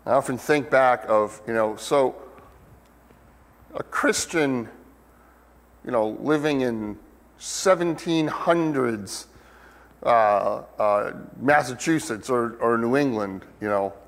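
Male pastor, unhurried conversational sermon, mid-range voice, long church reverb. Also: mid-range voice. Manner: conversational, many fillers, rises to emphatic peaks.

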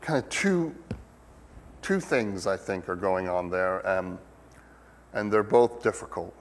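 A man's voice: sits low, lively intonation, slow pace, a little hiss or hum. A man preaching a sermon in a conversational way, with many fillers and sudden emphatic peaks. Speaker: pastor. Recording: long hall reverb.

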